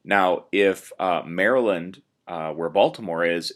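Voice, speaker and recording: Teacher guy, really low voice, lots of uh and um while he walks through it. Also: a little slow, few pauses, fairly bright tone. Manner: explains step by step with many fillers. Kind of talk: recorded classroom lecture.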